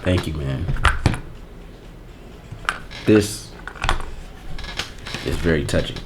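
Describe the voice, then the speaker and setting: A man hosting a casual unboxing vlog, giving heartfelt, emotional thanks in relaxed, slangy talk. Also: very deep voice, drawn-out words, heavy background noise. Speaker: channel host.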